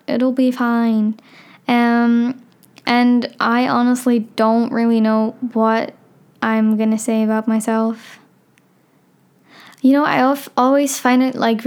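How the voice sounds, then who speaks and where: Teen girl, Dutch accent, solo podcast host; slow, rambling, self-deprecating, smooth clear voice. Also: on the high side, a little mellow. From Netherlands. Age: teens. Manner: chatty, rambling, self-deprecating, many fillers. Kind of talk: casual solo podcast chat.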